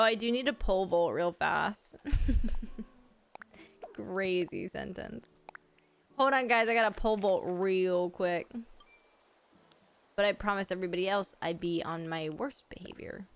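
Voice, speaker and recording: A woman's voice: mid-range voice, animated, a little slow, gravelly, pauses often, a little hiss or hum. A woman chatting casually on a live game stream, giggling often and making crude jokes. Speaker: livestream gamer.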